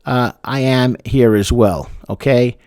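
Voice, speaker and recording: A man's voice: medium pitch, slow pace, darkish tone, clean tone, no echo. A male therapist giving frank, sarcastic relationship advice and repeating words for emphasis. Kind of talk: advice talk to camera.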